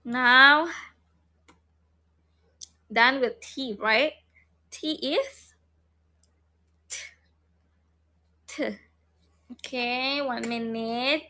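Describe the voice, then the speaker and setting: Casting: female phonics teacher, online class, high bright voice, very slow, repetitive prompting. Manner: slow, repeats sounds and prompts students. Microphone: online class, video call.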